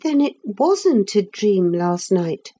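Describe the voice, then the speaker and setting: A woman's voice: medium pitch, big pitch swings, slow, mellow, husky, pitched above the performer's own voice, heavily acted. A woman voicing a bewildered young boy who asks upset, pleading questions. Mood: anxious.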